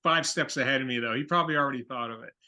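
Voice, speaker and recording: A man's voice: mid-range voice, racing, bright, forceful tone. A man being interviewed as a guest over a video call, speaking in a laid-back way with short agreeing replies. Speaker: guest actor. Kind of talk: casual interview.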